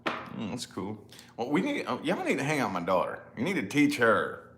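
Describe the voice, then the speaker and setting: A man's voice: medium pitch, wildly swooping pitch, a little fast, fairly bright tone. A man in his thirties chatting casually to camera, rambling and laughing at himself, with lots of "you know?". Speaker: vlogger, father.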